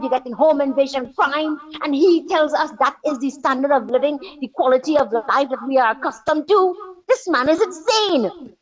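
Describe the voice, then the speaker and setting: A woman calling into a radio show, her voice high and her delivery indignant and sarcastic. She fires rhetorical questions one after another. The call sounds muffled and dull. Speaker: caller. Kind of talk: angry political call-in rant.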